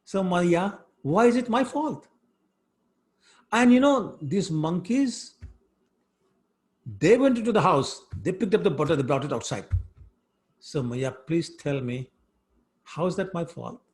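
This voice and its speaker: A man voicing a mischievous little boy who pleads innocence in a high, whiny voice. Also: expressive, measured pace, pauses often, darkish tone. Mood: pleading innocence.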